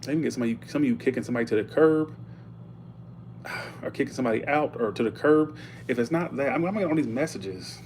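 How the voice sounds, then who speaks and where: A man's voice: mid-range voice, quick pace, darkish tone, a little hiss or hum. A man giving a casual live tarot reading, chatty and blunt, stopping often to thank viewers for tips. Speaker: tarot reader.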